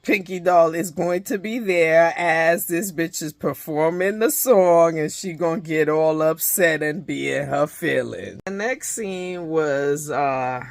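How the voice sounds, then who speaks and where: A woman's voice: deep voice, slow pace, vocal fry, few pauses, no echo. A woman giving a casual, profane recap of a reality show episode, retelling scenes animatedly with many restarts. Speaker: reality TV reviewer.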